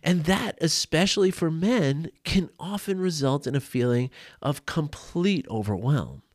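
A man talks about men's mental health on his podcast, sitting at his home desk and speaking earnestly and informally, frequently restarting and repeating words. His voice is on the high side, animated and a little slow, recorded at studio quality with no echo.

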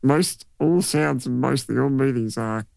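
A man's voice: medium pitch, unhurried, vocal fry, a little mellow, dry recording. A laid-back man, co-hosting a casual movie chat and laughing often. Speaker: podcast co-host.

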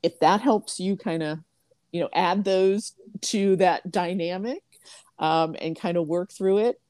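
A woman hosting a podcast interview, chatty and quick to laugh, sharing personal examples. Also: on the low side, darkish tone, clear, resonant tone, no room sound, studio quality. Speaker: podcast host.

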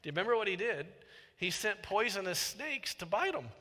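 A man preaching a sermon as a pastor, animated and joking, acting out voices in his stories. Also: sits high, fairly quick, long reverb tail.

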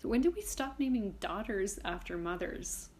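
A woman's voice: medium pitch, lively intonation, moderate pace, a little mellow. Give me a chatty, irreverent woman host telling history stories casually. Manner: chatty, irreverent, swears casually, reads from notes. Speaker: podcast host. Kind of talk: casual history podcast chat.

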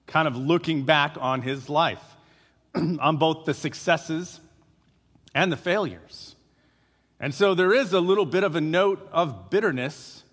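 A man's voice: on the high side, fairly bright tone. A man preaching a sermon as pastor, speaking conversationally with frequent filler "uh"s. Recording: long hall reverb.

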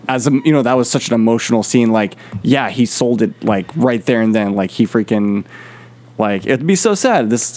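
A man's voice: mid-range voice, darkish tone. A man co-hosting a podcast, rambling through his thoughts with lots of "like" and "um" in casual chat. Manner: rambling, heavy use of "like" and "um". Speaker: podcast co-host. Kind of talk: casual movie review chat.

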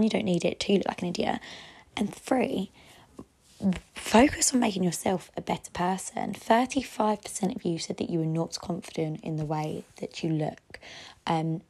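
Husky woman giving a pep talk. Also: lowish voice, darkish tone. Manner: chatty pep talk, frank and encouraging. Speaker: podcast host. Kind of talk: solo advice podcast.

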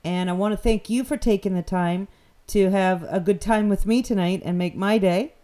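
A woman's voice: medium pitch, moderate pace, mellow. A woman from New Brunswick, Canada, hosting a radio interview in a chatty, rambling way and laughing easily. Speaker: radio show host.

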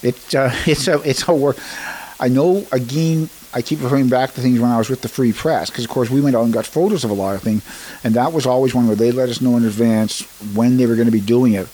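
A man's voice: mid-range voice, quick pace, warm tone, poor audio. A man hosting a community radio show, reading announcements and chatting in a rambling way with fillers and restarts in a studio. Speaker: radio host.

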